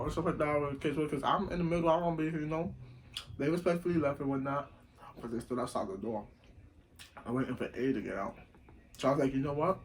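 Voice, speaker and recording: A young man telling a story casually while eating, slangy and rambling, getting loud when he acts out what people said. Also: fairly high pitch, a little fast, a little hiss or hum, low-quality recording. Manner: animated, acts out quoted lines loudly. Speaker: vlogger.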